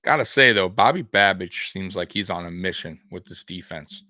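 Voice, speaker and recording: A man hosting a sports video, talking casually over highlight clips in a rambling way with lots of fillers. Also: animated, normal speed, bright, forceful tone, faint music behind. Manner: rambling, many fillers and restarts.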